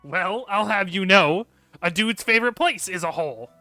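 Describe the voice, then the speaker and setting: Guy doing a grumpy lonely kobold, loud and a bit high, snaps then stammers. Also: lively intonation, moderate pace, dry recording, faint music behind, heavily acted. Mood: brusque. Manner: brusque then awkwardly stammering. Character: lonely, rude male kobold hermit in a burrow. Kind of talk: tabletop role-play voice.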